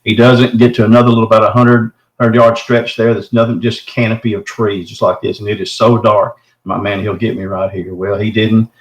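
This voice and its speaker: A middle-aged man tells his own story in a casual, folksy way, dropping "man" into his sentences. His voice sits a little low. The room gives his voice a noticeable echo. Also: fairly quick. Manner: folksy, says "man" often, animated retelling. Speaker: guest telling his encounter. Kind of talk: casual first-person storytelling.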